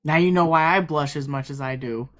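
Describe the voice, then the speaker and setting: A man's voice: a little high, a little fast, a bit bright. Bashful man chatting on a live stream. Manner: laughs often, trails off and restarts. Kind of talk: casual live-stream chat.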